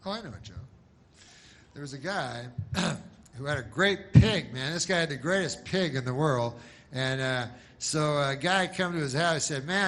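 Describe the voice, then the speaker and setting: Slow, meandering deadpan man. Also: a little high. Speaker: comedian. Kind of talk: rambling deadpan joke telling.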